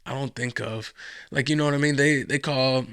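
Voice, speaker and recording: A man's voice: medium pitch, steady tone, moderate pace, fairly bright tone, smooth, dry recording, studio quality. A man hosting a casual podcast, rambling and swearing, with lots of fillers and restarts. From United States. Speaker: podcast host.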